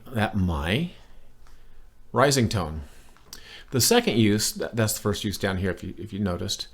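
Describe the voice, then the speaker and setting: A man teaching a beginner language lesson in a casual, rambling way, with plenty of fillers and restarts. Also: fairly low pitch.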